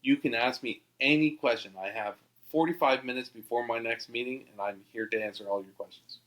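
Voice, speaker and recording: A man's voice: medium pitch, fairly bright tone, lightly acted, poor audio. A man doing a formal, courteous sales manager. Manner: polite, formal, measured.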